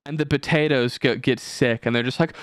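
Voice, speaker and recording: A man's voice: medium pitch, brisk, dry recording, studio quality. A young man hosting a casual podcast, rambling and swearing as he tells stories. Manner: animated, swearing, rambling storytelling. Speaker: podcast host.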